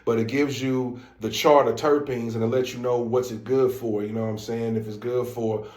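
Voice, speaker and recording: A man's voice: medium pitch, level tone, normal speed, a little mellow. Laid-back St. Louis man, echoey room. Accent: St. Louis African American Vernacular English. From St. Louis, USA. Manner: laid-back, slangy, lots of fillers. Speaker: podcast co-host. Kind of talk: casual podcast chat.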